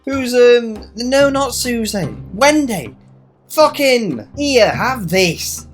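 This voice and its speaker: A woman's voice: fairly high pitch, expressive, very slow, faint music behind. A woman playfully narrating a video game, swearing freely and reading the characters' lines aloud. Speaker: let's play host. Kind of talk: casual gameplay commentary.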